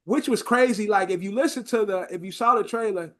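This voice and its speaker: A man's voice: high-pitched, fairly quick, fairly bright tone. A man hosting a podcast in casual chat, loose and profane, often repeating his words. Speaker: podcast host.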